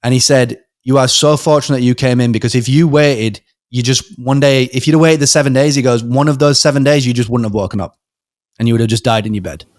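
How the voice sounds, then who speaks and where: This young British man, a podcast guest, tells a casual story at a fast clip in a mid-range voice. He's an animated storyteller who acts out quoted voices, with frequent ums and restarts. The recording is dry.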